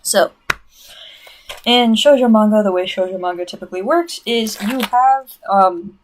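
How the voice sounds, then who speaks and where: A woman's voice: mid-range voice, a little slow, a little hiss or hum, low-quality recording. A woman chatting casually on a livestream, rambling at length and stopping to read viewer comments aloud.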